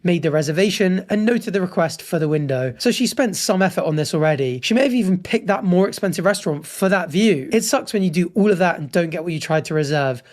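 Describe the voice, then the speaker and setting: A man with a fairly high voice reads out online posts in a relaxed commentary style. He breaks in often with blunt, frank reactions and verdicts. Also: fast, hardly any pauses. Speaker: host reading and judging online posts. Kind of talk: casual commentary.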